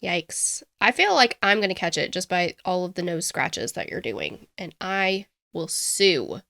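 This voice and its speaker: A woman co-hosting a casual true-crime podcast, talking in an animated, self-mocking way and laughing at herself. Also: on the low side, moderate pace, creaky, no room sound, studio quality. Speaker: podcast co-host.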